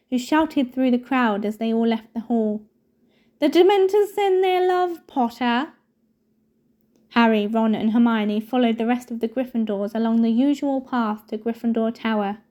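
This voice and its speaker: A woman reading a novel aloud in a steady storytelling manner. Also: a little high. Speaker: reader.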